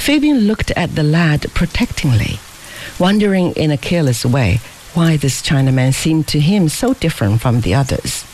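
An audiobook narrator reading a classic story in a measured, expressive way. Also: mid-range voice, slight background noise, poor audio.

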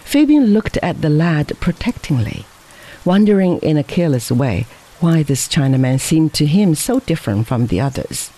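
A reader narrating a story in a measured storybook manner. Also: mid-range voice, big pitch swings, dark tone, poor audio. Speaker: audiobook reader. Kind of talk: scripted narration.

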